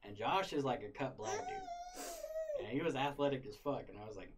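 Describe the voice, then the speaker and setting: A man's voice: medium pitch, brisk, very noisy. A young man casually retelling a wild story, full of swearing and laughter. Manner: profane, animated, laughing retelling.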